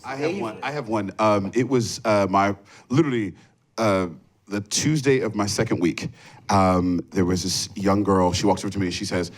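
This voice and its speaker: A man on a panel relates a fan encounter in an easygoing, chatty way, with plenty of ums along the way. His voice sits fairly low. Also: moderate pace. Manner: easygoing, chatty, many fillers. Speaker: stage actor on a panel. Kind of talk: relaxed anecdote.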